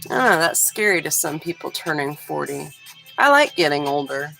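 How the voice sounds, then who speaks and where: A low, gravelly woman's voice chatting loosely with her live audience. She is in her forties and from Texas, talking in a relaxed, chatty way while music plays faintly behind her. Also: moderate pace, poor audio. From Houston, Texas. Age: 40s. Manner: relaxed, chatty, talks straight to chat. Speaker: livestream host. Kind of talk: casual livestream chat with viewers.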